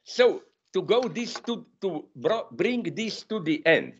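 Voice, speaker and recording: Male lecturer, slow delivery, fairly high and animated pitch, digressive with constant self-corrections, in a university room. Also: slight background noise. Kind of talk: masterclass lecture. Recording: dull lo-fi lecture recording.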